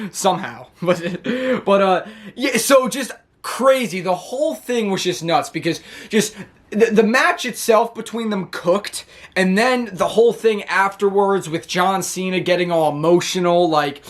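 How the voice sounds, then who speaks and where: Brief: high-pitched male wrestling reviewer, excitable, rambling casual recap. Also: measured pace. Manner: excitable, rambling with many restarts.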